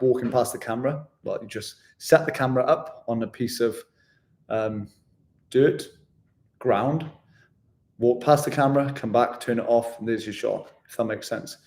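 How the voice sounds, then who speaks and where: A man's voice: mid-range voice, dark tone. A man, chatting casually as he answers viewer questions in a vlog, self-deprecating and calling people "mate". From West Yorkshire, England. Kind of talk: casual live Q&A.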